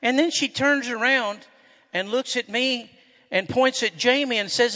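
A middle-aged man, a pastor preaching a sermon in a church and telling folksy stories, getting loud and animated when excited. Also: extremely high pitch, a little slow. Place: church sanctuary. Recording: echoey hall with long reverb.

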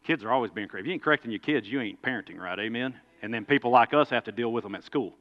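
A man, a preacher and coach, telling a story in a folksy sermon that swings from loud to quiet. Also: mid-range voice, very fast, lo-fi sound.

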